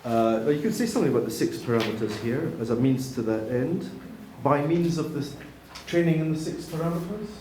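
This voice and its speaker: A man's voice: fairly high pitch, brisk, hardly any pauses. A man leading a classroom writing session, thinking aloud and correcting himself as he edits a text. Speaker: English writing tutor. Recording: echoey room with faint noise.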